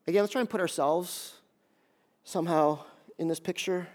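A man preaching a sermon, animated and conversational, acting out scenes and talking straight to his listeners. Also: high-pitched, moderate pace. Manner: animated, acts out scenes in quoted voices; conversational, talks straight to the audience. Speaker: pastor.

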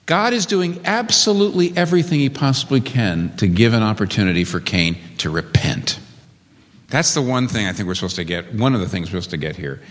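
A man's voice: on the low side, animated, fairly quick, fairly bright tone, in a large hall. A man preaching a sermon as a pastor, speaking earnestly and emphatically and building to strong emphasis.

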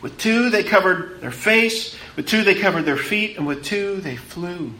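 A man preaching a sermon, emphatic, repeating words for stress and rising, then dropping to hushed tones. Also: high-pitched, expressive, measured pace, reverberant, slight background noise.

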